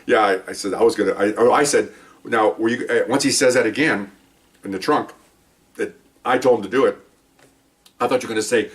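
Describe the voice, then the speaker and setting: A man's voice: medium pitch, fairly quick, long pauses. Older man rambling through a story, distant mic. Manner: rambling, folksy, acts out quotes of others. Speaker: retired police training officer. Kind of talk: casual storytelling monologue.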